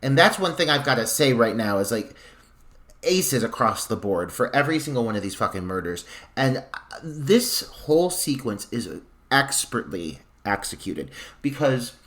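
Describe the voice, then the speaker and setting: A man co-hosting a horror film podcast, talking in casual, animated, profane chat and stretching words for effect. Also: medium pitch. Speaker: podcast co-host.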